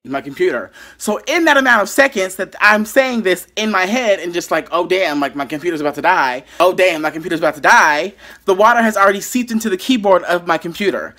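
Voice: medium pitch, animated, fairly quick, hardly any pauses, fairly bright tone. A YouTuber telling a dramatic story from their bedroom, with lots of asides to the viewers. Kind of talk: storytime vlog.

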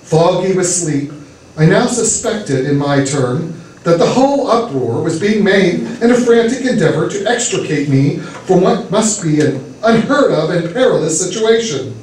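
A man reading a humorous story aloud with expressive storytelling delivery, performing at a church variety show. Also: high voice, moderate pace, slight background noise. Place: church hall with audience. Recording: echoey hall from far off.

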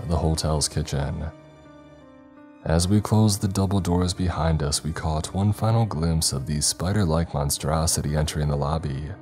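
A man narrating a first-person horror story in a measured, ominous way. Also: extremely low pitch, darkish tone. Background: faint background music.

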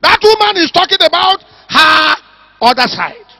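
A man preaching a fiery sermon at a church service, shouting and stretching out his repeated words. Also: very high-pitched, sing-song, creaky, no room sound. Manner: shouting, emphatic, drawn-out repetitions. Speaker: pastor.

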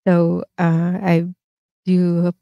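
A woman in her fifties hosts a casual livestream, rambling through stories with plenty of fillers and restarts. Her voice sits a bit low and sounds mellow, recorded dry and close. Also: monotone, drawn-out words, creaky, dry recording, highs cut off. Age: 50s. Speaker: host.

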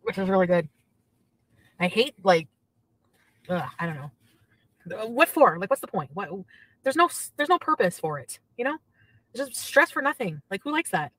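A woman's voice: medium pitch, sing-song, moderate pace, pauses often, a bit bright, poor audio. A woman chatting casually on a livestream from her car, gossiping and reading out chat messages.

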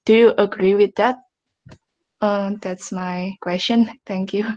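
A woman's voice: medium pitch, fairly even intonation, measured pace, dark tone, muffled recording. A woman student asking a question in an online lecture, polite and a little hesitant, over a video call. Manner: polite, careful, slightly hesitant.

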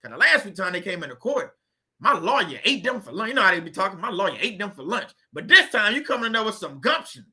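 A man's voice: high voice, big pitch swings, fast talker, bright, forceful tone, slightly rough. A man hosting a casual, faith-based motivational talk, speaking in a colloquial, preachy way and repeating his points for emphasis. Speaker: host.

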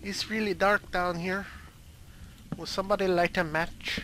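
A man's voice: high-pitched, fairly even intonation, unhurried, background noise. A man hosting a gaming video, chatting casually and goofily as he plays, with rambling jokey asides. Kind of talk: casual gameplay commentary.

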